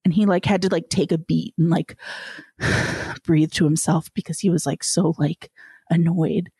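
A woman with a gravelly edge to her mid-pitched voice tells stories in a relaxed, casual chat. She jumps into the voices of the people she quotes, swears freely and laughs at her own stories. The sound is dry and close, with no room around it. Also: measured pace, no room sound.

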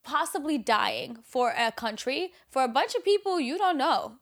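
Animated swearing woman co-host. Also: high voice, normal speed. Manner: animated, swears often, frequent filler words. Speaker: podcast co-host. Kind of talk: casual chat.

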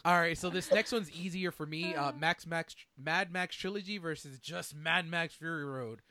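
A man hosting a casual movie chat with friends, enthusiastic and quick to laugh. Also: fairly high pitch, sharp tone, no echo. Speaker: podcast host.

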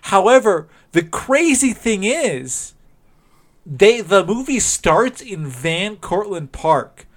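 A man's voice: high voice, big pitch swings, takes it slowly. A man co-hosting a podcast in casual chat, rambling with frequent laughs and restarts. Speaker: podcast co-host.

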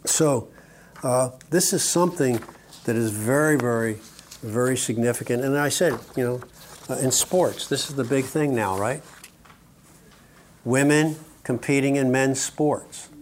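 A man's voice: medium pitch, unhurried, slight background noise. An older man giving a sermon-style teaching talk at a conference, speaking emphatically, with joking asides and frequent "okay?" checks to his audience.

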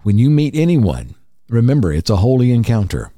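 A man hosting a podcast, calmly reading spiritual quotes and explaining each one. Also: medium pitch, fairly quick, no room sound, clean studio sound. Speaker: podcast host.

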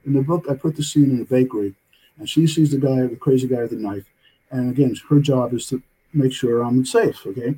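A man's voice: mid-range voice, a little fast, warm tone, husky, poor audio. An older man telling a long story as an interview guest, rambling and tagging his sentences with "okay?". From United States.

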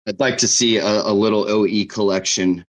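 A man's voice: on the low side, steady tone, fairly quick. A man in a casual online audio chat, talking bluntly and dismissively with lots of swearing. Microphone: online audio call.

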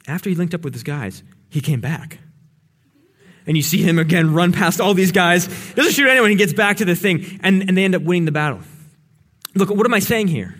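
A young male preacher tells a war story in a loose, conversational way, stumbling over repeated words and "uh"s. His voice sits a bit high for a man, and he pushes it louder as he drives his point home. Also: slightly rough. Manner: conversational, fillers and repeated words, builds to exhortation. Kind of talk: casual storytelling sermon.

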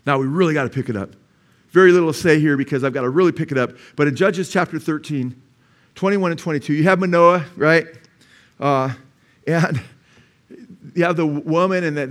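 A man's voice: fairly high pitch, a bit bright. A pastor preaching a Bible teaching to his congregation, emphatic and full of rhetorical questions. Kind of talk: sermon. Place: church.

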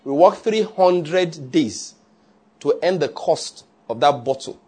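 A man preaching a sermon in an animated way, often checking with his listeners. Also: on the high side, slow pace, slightly rough. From Nigeria. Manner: animated, asks the audience often.

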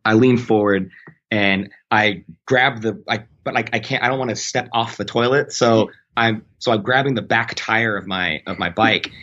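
A man with a low voice tells a long personal story in a relaxed, conversational way. He trips over his words and restarts his sentences often. The recording sounds dull and muffled. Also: moderate pace. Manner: rambling, self-correcting, animated when quoting. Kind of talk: casual anecdote.

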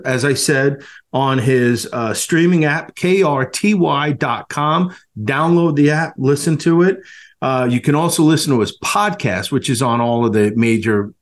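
An effusive podcast host chats casually with a guest in an interview, laughing often. His mid-range voice keeps a measured pace, though he stumbles and repeats words as he goes.

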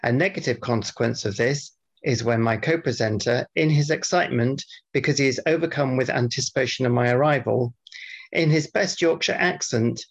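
A man co-hosting a podcast, bantering casually and reading out mock-formal feedback in a dry, deadpan way. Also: mid-range voice, normal speed. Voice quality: gravelly, husky. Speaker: podcast co-host. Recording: dull lo-fi podcast audio.

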